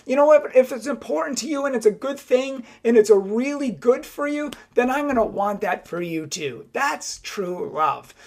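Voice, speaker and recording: A woman's voice: fairly high pitch, creaky. Emphatic young woman giving advice. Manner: emphatic, acts out both sides of dialogues. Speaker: Catholic speaker. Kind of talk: direct-to-camera advice talk.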